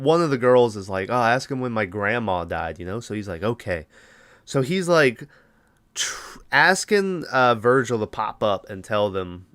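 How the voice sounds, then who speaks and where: A man's voice: mid-range voice, a bit bright, clean tone, no echo. A man hosting a podcast, casually recapping a movie in a rambling, profane way and briefly acting out the characters' lines. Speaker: podcast host.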